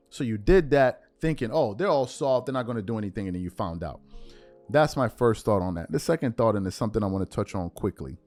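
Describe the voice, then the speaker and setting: Bronx male host, heated rant, repeats himself for punch, faint music under. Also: mid-range voice. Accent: New York (Bronx). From United States. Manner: emphatic, repetitive, rising to indignant outbursts. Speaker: show host. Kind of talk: heated commentary monologue.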